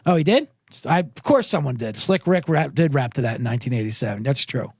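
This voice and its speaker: A man's voice: mid-range voice, animated, quick pace, a little mellow, breathy edge, dry recording. A man hosting a casual sports betting podcast, rambling and profane, often cutting himself off mid-sentence. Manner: rambling, profane, self-interrupting. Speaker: podcast host. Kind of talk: casual livestream chat.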